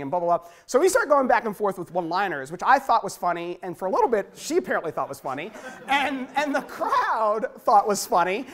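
A man who works as a street preacher, telling stories in a conversational interview, swinging from low and quiet to high and loud. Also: big pitch swings, fast talker. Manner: conversational, many fillers and restarts. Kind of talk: storytelling in an interview.

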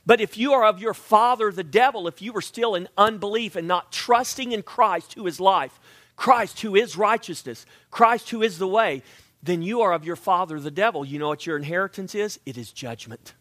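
Male pastor, sermon, high lively voice, dry close sound. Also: moderate pace, no echo. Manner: animated preaching, dropping to hushed tones.

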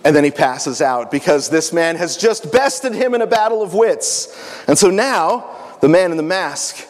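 A man's voice: fairly high pitch, animated, a little slow. A man speaking at a family camp, retelling a story in a playful way with joking asides. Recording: echoey hall.

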